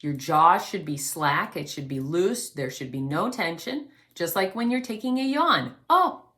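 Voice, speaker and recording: A woman vocal coach teaching an online singing lesson, explaining calmly and demonstrating quiet breaths. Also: lowish voice, measured pace. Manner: gently instructive, demonstrates breaths.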